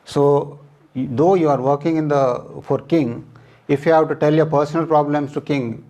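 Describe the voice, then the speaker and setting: A man's voice: fairly high pitch, fairly even intonation, mellow. Man preaching a sermon, plain-spoken. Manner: explains scripture verse by verse in plain, halting speech.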